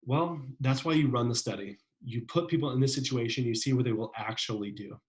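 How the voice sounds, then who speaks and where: A male lecturer explains a psychology study in a loose, chatty way. He speaks at a middle pitch and keeps checking in with his listeners. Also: fairly quick, darkish tone, poor audio. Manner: conversational, many fillers and "right?" checks. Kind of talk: classroom lecture.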